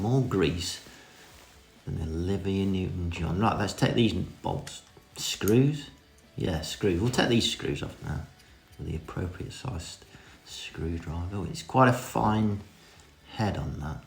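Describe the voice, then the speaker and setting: A man's voice: deep voice, takes it slowly, gravelly. A man giving a cheeky, self-mocking running commentary in a casual hands-on repair tutorial. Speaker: vintage reel restorer. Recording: echoey room with music behind.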